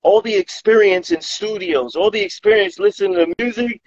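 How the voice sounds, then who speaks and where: A man's voice: sits high, normal speed, no room sound, lo-fi sound. A man from Brooklyn with a New York accent, a hip hop journalist and rapper telling stories on a casual live stream, acting out quotes. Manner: animated storyteller, acts out quotes.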